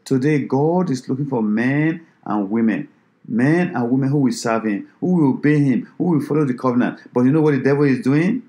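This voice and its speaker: A man's voice: medium pitch, brisk, dark tone. A man preaching a sermon who exhorts his listeners with repeated rhetorical questions.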